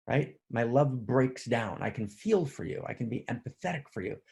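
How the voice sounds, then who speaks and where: A man's voice: mid-range voice, creaky, darkish tone, slightly rough. A tired man giving an earnest, livestreamed spiritual talk, often checking in with his listeners. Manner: earnest, repetitive, often asks "right?". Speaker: spiritual teacher.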